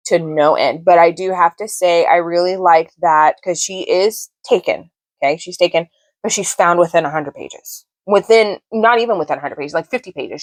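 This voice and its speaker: Chatty low-voiced woman reviewing books. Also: dry recording. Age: 30s. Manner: effusive and chatty, gushing about books. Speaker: book vlogger. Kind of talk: casual book review chat.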